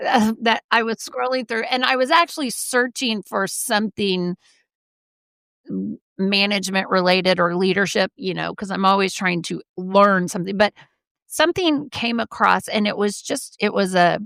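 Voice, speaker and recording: Middle-aged woman podcast co-host, gravelly, dry close sound, lively storyteller. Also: medium pitch, moderate pace, no echo. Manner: animated storyteller, quotes people in lively voices. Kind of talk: casual podcast chat, storytelling.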